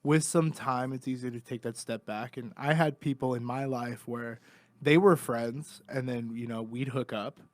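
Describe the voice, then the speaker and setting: A man's voice: medium pitch, fairly even intonation, normal speed, no room sound. A young man as a podcast guest, talking candidly and joking in casual chat. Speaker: podcast guest, comedy studio owner.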